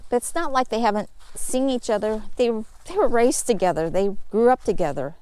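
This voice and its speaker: A woman's voice: on the high side, animated, brisk, dark tone, clear, resonant tone, dry recording. Easygoing woman chatting around her farmyard. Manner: easygoing, explains as she goes with plain homespun talk. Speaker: homesteading vlogger. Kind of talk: casual walk-and-talk narration. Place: outdoors in a farmyard.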